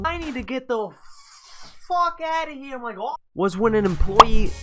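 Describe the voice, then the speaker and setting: Young man, vlogger, bright voice, slangy emphatic rant, faint music behind. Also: sits high. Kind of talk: storytime rant.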